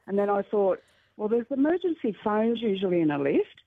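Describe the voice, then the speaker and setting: An older woman phones in to a radio show. She tells her story in a lively way, often breaking into laughter. Her voice is a little husky and sits fairly high, and it comes through a tinny phone line in a dry sound. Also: a little fast, no room sound. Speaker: caller. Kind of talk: telling an anecdote on radio call-in.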